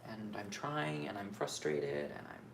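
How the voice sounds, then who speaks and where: A man's voice: fairly low pitch, very animated, measured pace, gravelly. A man giving a raw, unscripted monologue for his astrology channel, cursing freely as he vents. He circles around his thoughts and second-guesses himself aloud, with a faint hum of room ambience behind him. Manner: frank, profane venting; restless, self-questioning rambling.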